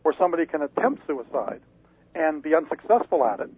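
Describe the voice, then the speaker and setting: A man with a slightly high, husky voice talks thoughtfully and haltingly, stumbling over repeated words. He is heard on a tinny, phone-like line with a dry sound. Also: very animated, dry recording. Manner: hesitant, many restarts and fillers. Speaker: guest parapsychologist. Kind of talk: radio interview, reflective explanation. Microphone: phone call-in.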